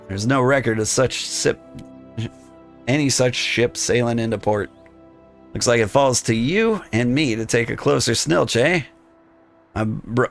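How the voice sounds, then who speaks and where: A man voicing a sly male rogue, talking in rough thieves' slang. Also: mid-range voice, natural voice. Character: gruff male rogue guild member, sly and streetwise. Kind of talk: reading game dialogue aloud.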